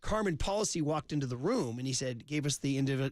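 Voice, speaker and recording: A man's voice: medium pitch, fast talker, dry recording. Brief: middle-aged male sports radio host, storyteller, tight dry studio mic. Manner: chatty storyteller, teasing. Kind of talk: casual sports radio chat.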